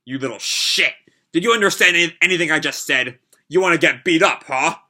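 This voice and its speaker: A man's voice: a little high, brisk. Man reading as a brash mercenary thug. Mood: angry. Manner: shouting threats, loud and impatient. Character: brash, short-tempered male mercenary thug.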